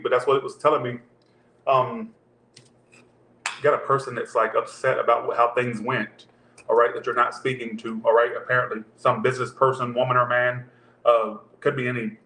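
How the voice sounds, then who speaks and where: A man's voice: mid-range voice, pushed and bright. Man, tarot reader, casual rambling talk, roomy echo. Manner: loose, rambling, talks straight to viewers. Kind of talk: casual tarot reading for viewers. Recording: roomy echo with faint background hum.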